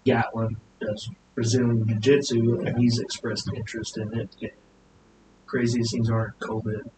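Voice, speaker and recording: A man from Utah chats as a podcast guest in an easygoing, storytelling way. His voice is mid-pitched and bounces around a roomy space, with a noticeable noise in the recording. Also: little pitch movement, normal speed. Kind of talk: casual podcast chat.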